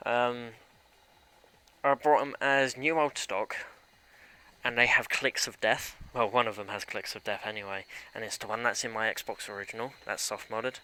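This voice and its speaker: A man's voice: mid-range voice, steady tone, normal speed, bright, forceful tone, clean tone. A young man chatting casually and rambling as he streams a game, grumbling at it along the way. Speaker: live streamer.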